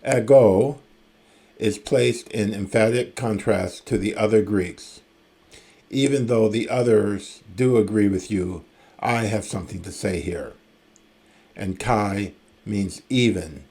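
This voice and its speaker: Slow, low-voiced male classics lecturer. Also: a little mellow. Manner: measured, reads verse aloud slowly, with casual asides and fillers. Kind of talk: recorded lecture reading and explaining ancient Greek.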